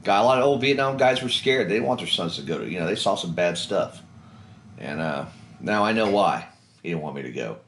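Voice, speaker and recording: A low-voiced Kentucky man in his forties spins a blunt, salty story about joining the service. His voice rings around an echoey room. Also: a little fast, slight background noise. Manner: blunt, profane, swerves into animated impressions of others. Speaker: veteran interviewee. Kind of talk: casual storytelling interview.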